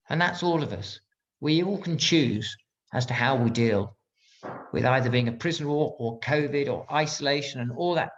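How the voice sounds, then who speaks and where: A man's voice: medium pitch, moderate pace. A British man in his fifties, a former pilot giving a motivational talk online, emphatic and telling his story with acted-out quotes. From Britain. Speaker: guest speaker, former pilot. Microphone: video call. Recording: dull lo-fi video-call audio.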